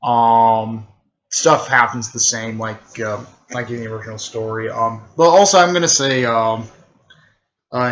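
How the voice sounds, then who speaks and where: A man retelling a fan story in a rambling, halting way, full of fillers and restarts. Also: medium pitch, a bit bright, dull audio. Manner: halting, filler-heavy, repeats "technically" and "there".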